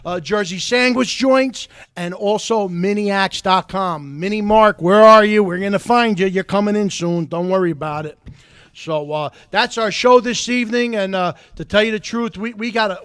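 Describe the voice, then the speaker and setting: High-voiced rambling talk show host. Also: male voice, moderate pace, fairly bright tone, dry recording. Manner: rambling, many fillers and restarts. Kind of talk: casual talk show hosting.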